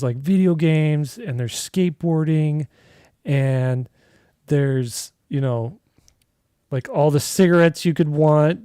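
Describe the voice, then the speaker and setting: A man's voice: medium pitch, mellow, no room sound, studio quality. Casual rambling man streaming while drawing. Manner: rambling, storytelling with many fillers. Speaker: artist livestream host.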